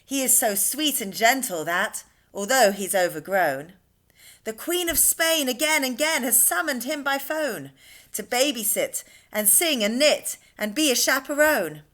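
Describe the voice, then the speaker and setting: A woman's voice: on the high side, animated, measured pace, fairly bright tone. A woman doing a bubbly, cheerful little boy. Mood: sing-song. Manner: sing-song and bubbly. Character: cheerful small boy, eager and friendly.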